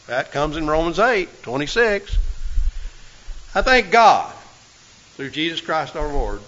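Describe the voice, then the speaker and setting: A man preaching a sermon, folksy and full of rhetorical questions, swinging from loud to hushed. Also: on the high side, sing-song, slow pace, muffled recording.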